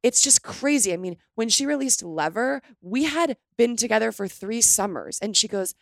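A woman's voice: fairly high pitch, animated, normal speed, gravelly, no echo, clean studio sound. Gushing young woman chatting on a podcast. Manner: gushing, rambling, heavy use of "like". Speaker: podcast co-host. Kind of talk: casual podcast chat.

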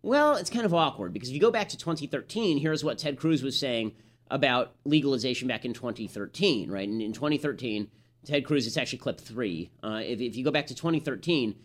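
A man's voice: medium pitch, expressive. A man hosting a podcast, delivering combative, sarcastic political commentary as a monologue. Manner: rapid-fire, sarcastic, combative. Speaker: podcast host.

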